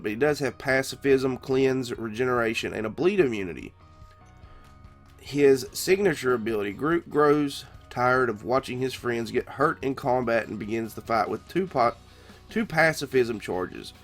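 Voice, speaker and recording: A man's voice: medium pitch, animated, normal speed, faint music behind. A man with a stuffed-up, congested nose, hosting a casual game guide in a chatty, conversational way. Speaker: gaming channel host.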